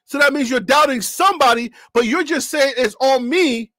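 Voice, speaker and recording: A man hosting a live sports reaction stream, animated and joking as he talks. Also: extremely high pitch, moderate pace, dry recording, studio quality. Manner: animated, joking, repeats himself.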